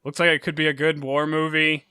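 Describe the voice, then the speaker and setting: A man's voice: on the high side, flat delivery, a little fast, bright, forceful tone, clean tone, no echo, studio quality. A man co-hosting a casual movie podcast, blunt and self-deprecating, laughing often. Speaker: podcast co-host.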